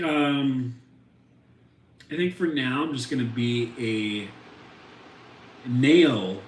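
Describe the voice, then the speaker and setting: A man chatting casually with viewers on a home live stream, rambling in an easygoing way and reacting to the chat. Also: mid-range voice. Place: home room with equipment. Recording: roomy, distant mic, faint ambient noise.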